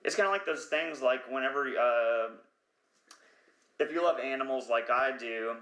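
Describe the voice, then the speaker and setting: A man's voice: medium pitch, moderate pace, fairly bright tone, reverberant. A man hosting a podcast, talking in a rambling, profane comedic monologue who sometimes loses his train of thought. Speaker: podcast host.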